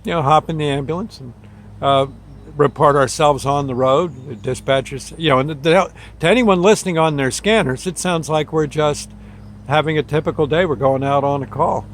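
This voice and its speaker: A man's voice: on the high side, normal speed, a little hiss or hum. A man who once worked on an ambulance crew, telling a story in a folksy, rambling way with chuckles between phrases. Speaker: ambulance crew member recalling a shift. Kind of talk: casual storytelling.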